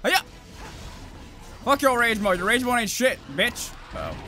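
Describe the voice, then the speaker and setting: A young man streaming a game, just woken up, swearing and yelling at the monster with sudden whoops. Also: extremely high pitch, measured pace, loud music behind the voice. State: just woke up, groggy. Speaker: gaming streamer. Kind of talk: live gameplay commentary.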